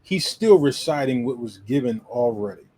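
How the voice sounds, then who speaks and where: A man with a husky, slightly rough voice drives home his points with emphatic, preacher-like insistence. He talks as a co-host in a casual discussion. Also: medium pitch, lively intonation, normal speed, darkish tone, low-quality recording. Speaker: podcast co-host.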